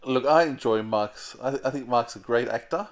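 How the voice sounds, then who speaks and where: A man's voice: medium pitch, normal speed. An Australian man co-hosting a podcast, giving opinionated casual review chat with laughs and restarts. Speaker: podcast co-host.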